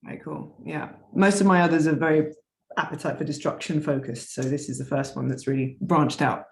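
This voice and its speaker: A British woman speaks as a podcast guest, cheerful and quick to laugh. Her voice comes through a video call that sounds roomy and echoey. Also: sits low, fairly even intonation, creaky. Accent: British English. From Britain. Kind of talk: casual chat.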